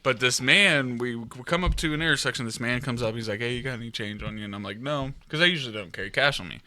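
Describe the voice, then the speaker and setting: A man's voice: mid-range voice, fast, bright, forceful tone, dry recording. A man with an Ohio accent co-hosting a casual podcast, rambling through a story with fillers and laughs. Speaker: podcast co-host. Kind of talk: casual chat.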